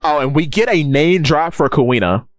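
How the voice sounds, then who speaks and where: A man's voice: a little high, animated, normal speed, no echo. A man co-hosting a podcast, recapping at length in casual chat with many stumbles and restarts. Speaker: podcast co-host.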